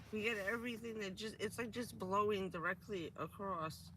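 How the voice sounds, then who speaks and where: A woman with a hoarse, stuffy voice from a cold, chatting casually on a vanlife livestream from her van, laughing often and answering her viewers. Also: medium pitch, measured pace, bright, forceful tone, slight background noise. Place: inside a camper van.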